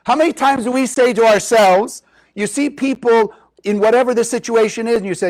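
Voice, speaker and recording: A man's voice: very high voice, expressive, fairly quick, a little mellow, low-quality recording. A man teaching a spiritual lesson to a live group, talking expressively and often putting questions to his listeners.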